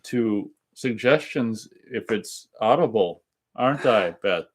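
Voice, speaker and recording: A man co-hosting a casual radio show, reading listener chat comments aloud and adding relaxed asides. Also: fairly low pitch, takes it slowly.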